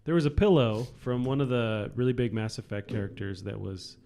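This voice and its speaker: A young man co-hosting a podcast, chatting casually and hesitantly with many pauses and restarts. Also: medium pitch, gravelly, mellow. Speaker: podcast co-host. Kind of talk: casual chat about video games.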